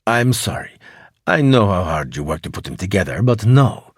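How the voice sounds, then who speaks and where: Cold arrogant tycoon, flat and curt, a male narrator voicing him; husky, dry audiobook read. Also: fairly low pitch, moderate pace, dry recording, full character voice. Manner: clipped, flat, scornful. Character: cold, arrogant wealthy tycoon, short-tempered.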